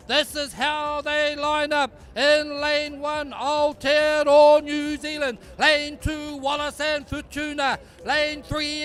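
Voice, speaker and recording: A man giving live race commentary outdoors, excitable, calling out lanes and teams and repeating names as the race closes. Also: extremely high pitch. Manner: excitable, repeats calls, shouts at the finish. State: out of breath at the finish. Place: outdoors at a racecourse by the water.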